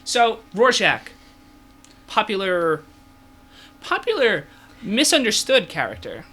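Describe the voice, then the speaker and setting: Young male podcast host, bright tone, jokey asides, keeps the chat moving. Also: on the high side, lively intonation, a little hiss or hum. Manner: jokey, steers the talk, quick asides. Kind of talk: casual comics podcast chat.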